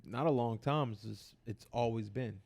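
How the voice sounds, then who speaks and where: A man co-hosting a podcast, telling stories in a casual, animated, profane way and acting out the dialogue in them. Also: mid-range voice, moderate pace, gravelly. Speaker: podcast co-host.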